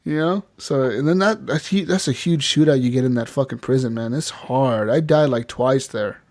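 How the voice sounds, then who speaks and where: A man in the middle of casual podcast banter, his voice sitting at an ordinary pitch. He swears freely, laughs often and acts out bits of quoted dialogue as he talks. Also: normal speed, a little mellow, dry recording, clean studio sound. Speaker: podcast co-host. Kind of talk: casual chat.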